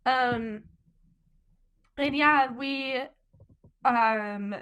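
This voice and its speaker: Slow-spoken young woman with a raised voice. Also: high voice, clean tone, dull audio. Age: young adult. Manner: earnest, retells scenes by quoting what others said, many "like" fillers. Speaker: interview guest, birth mother. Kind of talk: personal storytelling in an interview.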